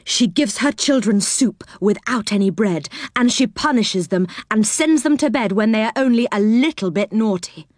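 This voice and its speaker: A woman's voice: fairly high pitch, lively intonation, moderate pace, hardly any pauses, no echo, studio quality. A woman doing hot-tempered round-faced Moonface. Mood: upset. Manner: indignant, exclaiming. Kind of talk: storybook read-aloud.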